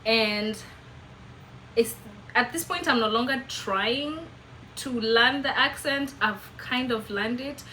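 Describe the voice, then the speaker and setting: A young Kenyan woman with a Kenyan English accent, telling a chatty, animated, self-mocking story to camera. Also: fairly high pitch, slow pace, slight background noise, poor audio. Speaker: vlogger.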